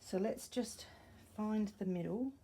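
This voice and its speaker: A woman's voice: medium pitch, slow, warm tone, slightly rough. A woman chatting and thinking aloud in a casual crafting vlog at home, rambling and correcting herself as she goes. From Australia. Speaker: sewing crafter. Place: home room with a wooden floor. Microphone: camera set up nearby.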